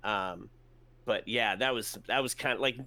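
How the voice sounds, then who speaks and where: Bright-voiced man telling a rambling story. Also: on the low side, moderate pace. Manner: rambling, full of fillers and restarts; swears casually. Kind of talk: casual storytelling chat.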